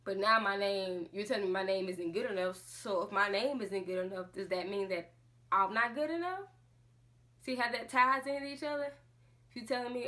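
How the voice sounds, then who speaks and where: A woman's voice: medium pitch, steady tone, moderate pace, pushed and bright. A woman vlogging a casual monologue to camera, speaking with passion and firing off rhetorical questions. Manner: impassioned, full of rhetorical questions.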